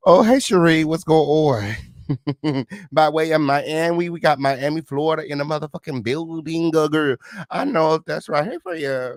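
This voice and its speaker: A man hosting a casual livestream, greeting viewers with flamboyant, sing-song shout-outs and sassy, profane chatter. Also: a little high, measured pace, no echo, studio quality. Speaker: livestream host.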